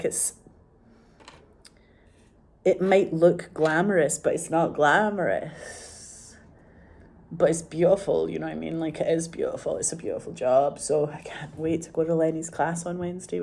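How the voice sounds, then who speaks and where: A woman with a Scottish accent chatting casually to camera, rambling and animated, swearing freely. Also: low voice. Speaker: vlogger.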